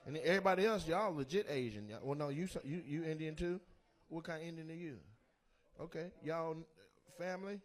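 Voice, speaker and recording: A man doing stand-up crowd work in a comedy club, loud and teasing, and slipping into playful mock voices. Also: on the high side, brisk. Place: comedy club stage before a live audience.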